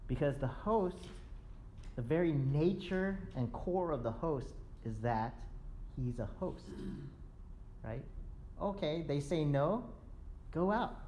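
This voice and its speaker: A man's voice: on the high side, slight background noise. A man preaching in a casual, conversational way, acting out excuses and checking in with "right?" as he goes. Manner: lively, acts out excuses in quick asides. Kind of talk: conversational sermon.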